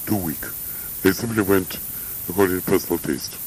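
An older man in a reflective interview, speaking in a measured, halting way with frequent pauses and fillers. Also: low-pitched, slight background noise, low-quality recording. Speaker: interviewee, academic.

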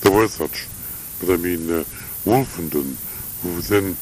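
An older man in a reflective interview, speaking in a measured, halting way with frequent pauses and fillers. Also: low-pitched, darkish tone, a little hiss or hum, low-quality recording. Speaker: interviewee, academic.

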